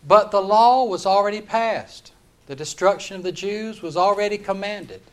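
A man preaching a sermon, retelling a story in an animated, dramatic way. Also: sits high, moderate pace.

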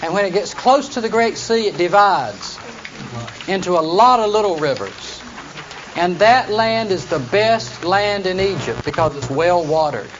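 Male Bible study teacher, high-pitched, plain explainer, muffled classroom recording. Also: expressive, a little slow. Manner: explains plainly, reads scripture aloud in King James wording. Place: classroom with students. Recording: dull lo-fi recording with faint noise.

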